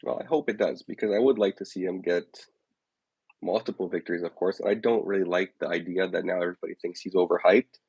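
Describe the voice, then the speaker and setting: A man co-hosting a casual chat, giving measured, thoughtful opinions. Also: low voice, creaky, darkish tone, breathy edge, no echo, highs cut off. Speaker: podcast co-host.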